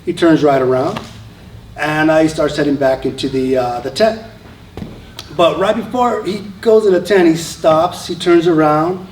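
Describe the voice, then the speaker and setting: A man's voice: fairly high pitch, normal speed, a little mellow, slight background noise. A man, an Army veteran, telling a story live on stage in a conversational way, with frequent fillers and restarts. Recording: roomy sound from a distant mic.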